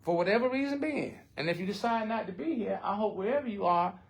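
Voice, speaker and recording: A man's voice: sits high, lively intonation, fast talker, vocal fry. An older man, speaking bluntly and with heart in a recovery support circle, often swearing. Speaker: recovery group member.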